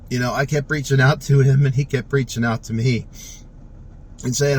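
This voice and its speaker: A man talks haltingly, full of restarts and fillers, as he shares a personal testimonial. He is choked up and close to tears, his medium-pitched voice recorded inside a vehicle. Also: fairly even intonation, a little hiss or hum, rough recording.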